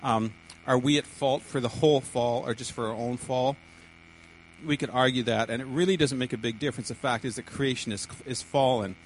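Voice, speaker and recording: A man's voice: medium pitch, low-quality recording. Guy giving a sermon in church, keeps tripping over his words, faint hum behind. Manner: halting, repeats words and restarts often. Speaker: preacher.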